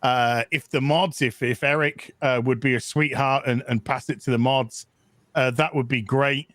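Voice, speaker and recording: A man's voice: medium pitch, fairly even intonation, fairly bright tone, dry recording. A man talking earnestly on a panel stream, with a lot of hesitation and fillers. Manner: earnest, halting, many fillers. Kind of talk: casual chat.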